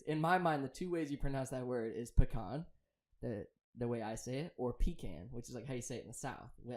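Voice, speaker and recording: A man's voice: medium pitch, darkish tone. A man co-hosting a podcast, talking in a laid-back, slangy way with lots of fillers. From Florida. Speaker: podcast co-host. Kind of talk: casual chat.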